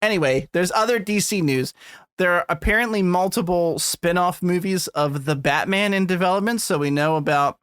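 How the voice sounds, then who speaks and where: A man's voice: high voice, normal speed, fairly bright tone, smooth, no echo, studio quality. Crude, joking man on a podcast. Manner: crude, joking, rambling, laughs often. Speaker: podcast co-host. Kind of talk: casual chat.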